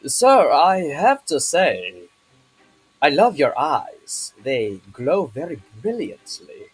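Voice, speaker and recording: A man doing a refined dog-folk noble from a tabletop game, a gentleman who lays on slow, flowery flattery. His voice pitches up above his usual tone and comes out louder and lively. A faint bed of music sits underneath. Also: breathy edge, full character voice, rough recording. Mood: flattering. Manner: flowery, slow, drawn-out compliments.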